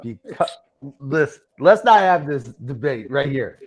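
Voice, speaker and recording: A man's voice: mid-range voice, big pitch swings, measured pace, crowd noise, poor audio. A man in a casual podcast chat who argues with confidence and teases the others. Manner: confident, argumentative and teasing.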